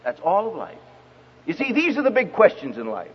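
Older guy preaching, husky, swoops up and down a lot, big echoey hall, lo-fi. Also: sits high, huge pitch swings, fairly quick. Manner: storytelling with quoted dialogue, emphatic. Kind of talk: sermon. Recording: dull lo-fi recording with long hall reverb.

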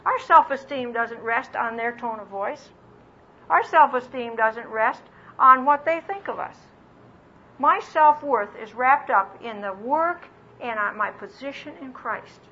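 A woman teaching a Bible lesson as a sermon, earnest and slowing down to stress key phrases, acting out little quoted voices with self-deprecating humor. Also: fairly high pitch, sharp tone, breathy edge. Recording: dull lo-fi recording with faint background hiss.

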